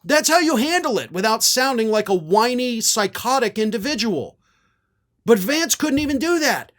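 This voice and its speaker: A man's voice: extremely high pitch, expressive, moderate pace, fairly bright tone. A man hosting a political commentary show, sarcastic and combative.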